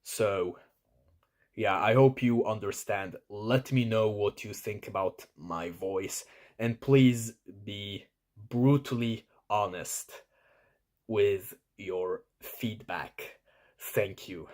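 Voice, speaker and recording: A man talking to camera in a slow, halting way, full of restarts, while he works at sounding lower and plainer. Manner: self-conscious, trying to talk in a lower, flatter way. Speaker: vlogger. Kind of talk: self-recorded talk to camera.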